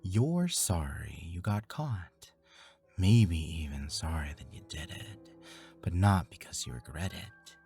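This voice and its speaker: A woman voicing a cold, scornful, menacing husband in a whispered role-play, speaking softly and slowly. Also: extremely low pitch, animated, soft background music, voice pushed down, heavily acted. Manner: soft, slow, whispered menace.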